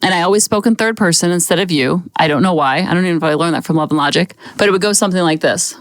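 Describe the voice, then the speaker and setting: A middle-aged woman hosting a parenting podcast, giving lively, casual advice and acting out quick voices of kids. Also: lowish voice, dry recording, rough recording. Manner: lively, animated, acts out kids' voices.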